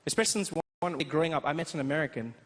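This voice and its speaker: A young man from South Africa doing a stand-up comedy routine, an animated storyteller who breaks into loud impressions. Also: on the high side, very fast.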